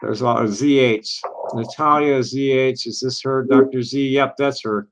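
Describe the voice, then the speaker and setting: A man's voice: medium pitch, fairly even intonation, normal speed, poor audio. A man who plays horn as a busker, hosting a casual livestream and rambling with many restarts and repeated words.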